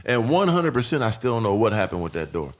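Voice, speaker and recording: A man telling a long street story on a casual podcast, animated and profane. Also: fairly low pitch, fast talker. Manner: profane, animated, acts out voices in his stories. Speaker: podcast guest.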